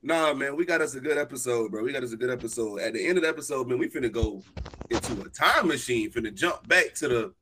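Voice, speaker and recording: A man's voice: mid-range voice, lively intonation, fast talker, noisy background. A young man hosting a casual sports podcast, hyped and joking, drawling his sing-song intro. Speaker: podcast host.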